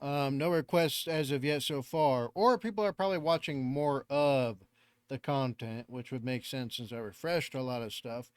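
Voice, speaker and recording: A man's voice: mid-range voice, moderate pace, clear, resonant tone, dry recording, clean studio sound. A man with a Southern American accent picked up over the years, hosting a reaction channel in a rambling, self-deprecating way and swearing casually. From Northern California.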